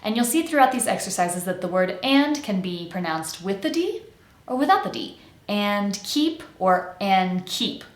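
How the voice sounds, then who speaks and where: A woman's voice: mid-range voice, very animated. American woman coaching pronunciation, echoey room. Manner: slow, carefully articulated demonstrations of sounds. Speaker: accent coach. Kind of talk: pronunciation lesson.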